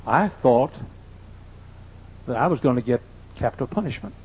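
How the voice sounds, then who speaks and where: A man's voice: medium pitch, animated, normal speed, a little mellow, slightly rough. An older man, a pastor, telling folksy, joking anecdotes in a sermon. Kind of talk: humorous sermon storytelling. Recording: dull lo-fi sermon recording.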